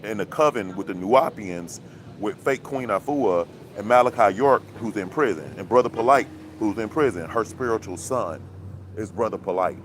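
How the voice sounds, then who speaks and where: A man's voice: lowish voice, lively intonation, moderate pace, slight background noise. A man hosting a casual commentary chat, talking in a preachy, conspiratorial, rambling way full of fillers and laughs, recorded outdoors. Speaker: commentary channel host.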